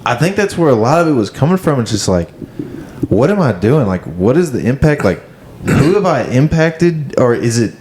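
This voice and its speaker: A young man co-hosting a podcast in casual chat, halting and reflective, full of fillers. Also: medium pitch, very animated, a little mellow, a little hiss or hum. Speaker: podcast co-host.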